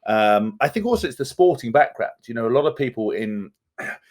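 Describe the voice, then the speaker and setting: A man in his thirties from England, guesting on a podcast. He talks fast and bluntly, swears freely, and tumbles from one point to the next. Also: medium pitch, lively intonation. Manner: blunt, profane, fast-talking. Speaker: podcast guest, former rugby player. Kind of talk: candid podcast conversation.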